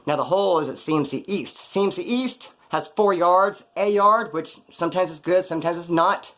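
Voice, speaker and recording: This man, a former inmate, tells his own story of his prison days at a moderate pace. He's casual, blunt and profane, and his pitch jumps animatedly whenever he wants to emphasize something.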